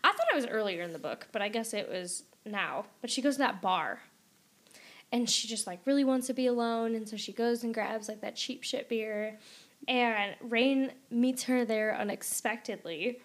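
A young woman co-hosting a book podcast in casual chat, animated and laughing often. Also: on the high side, moderate pace.

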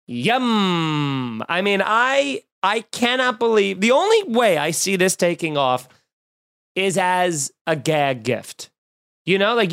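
A man hosting a podcast in casual comedic chat, riffing sarcastically with animated mock quotes. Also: sits high. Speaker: podcast host.

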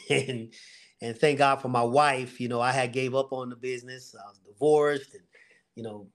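A man's voice: medium pitch, fairly even intonation, moderate pace. Earnest middle-aged man telling his story. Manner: earnest storyteller, faith-driven, with fillers and vivid retelling. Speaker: guest, security company owner. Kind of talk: casual podcast testimony.

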